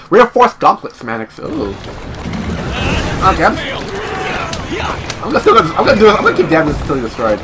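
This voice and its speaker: A young man giving casual, excitable, swearing commentary on his video game play. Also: high-pitched, fairly quick, long pauses, heavy background noise. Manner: excitable, swearing, talks to himself. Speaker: gameplay commentator. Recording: game music playing underneath.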